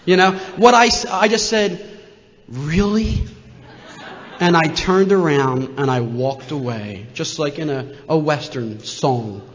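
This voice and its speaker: A man in his sixties from Philadelphia, telling a humorous personal story as a recovery meeting speaker, animated and acting out the voices of people in it. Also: fairly high pitch, unhurried, few pauses, slight background noise. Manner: animated, jokey, acts out voices. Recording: muffled, long hall reverb.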